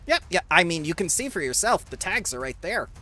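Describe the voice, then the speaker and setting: A game master running a tabletop session, briskly explaining rules and rolls. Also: medium pitch, big pitch swings, sharp tone. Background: faint fantasy background music.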